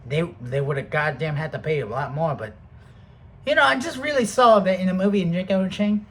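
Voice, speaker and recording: A man rambling through a profane, casual monologue to the camera, jumping between loud outbursts and soft mutters. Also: high-pitched, brisk, a little hiss or hum.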